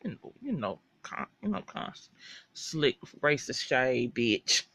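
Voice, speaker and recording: A speaker recapping a TV episode in a chatty, animated and profane way. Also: medium pitch, slow pace, dry recording, studio quality. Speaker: TV show recapper.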